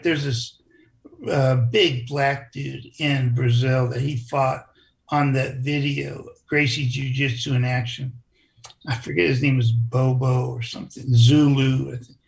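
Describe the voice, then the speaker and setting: Slow, gravelly older man. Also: mid-range voice, fairly bright tone. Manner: rambling, restarts, chuckles. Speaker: interview guest, former wrestler. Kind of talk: casual storytelling interview.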